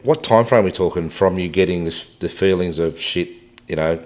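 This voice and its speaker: Aussie podcast host, low voice, chill questions. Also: male voice, a little fast. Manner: relaxed, brief affirmations, follow-up questions. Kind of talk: casual interview.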